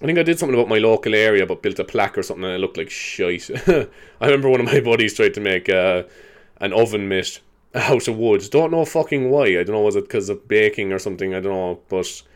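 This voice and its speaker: A man's voice: fairly low pitch, animated. Rambling, sweary Irish man in his twenties. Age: 20s. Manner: rambling, sweary, quick to laugh, with many fillers. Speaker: podcast host. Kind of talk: casual rambling monologue.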